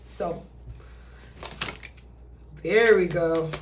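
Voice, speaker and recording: A woman's voice: on the low side, drawn-out words, slight background noise. A woman giving a casual, chatty tarot reading who swears and acts out quoted voices. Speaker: tarot reader. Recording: roomy echo, distant from mic.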